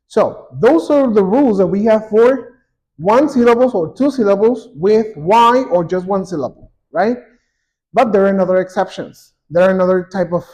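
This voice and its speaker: A man teaching an English grammar lesson, saying example words twice, slowly and clearly. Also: high-pitched, darkish tone. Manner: slow and repetitive, drawing out example words.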